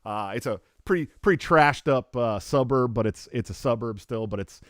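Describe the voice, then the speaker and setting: A man's voice: medium pitch, moderate pace, dry recording, clean studio sound. A man from near Oakland, hosting a casual chat, peppering his talk with "dude" and "you know what I mean.". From near Oakland, California. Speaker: podcast host, party politician.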